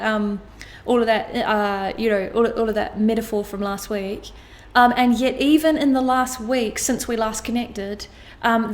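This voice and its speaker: A woman giving an intuitive astrology reading to camera, animated and blunt, swearing casually as she talks. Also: on the high side. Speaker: astrology tarot reader.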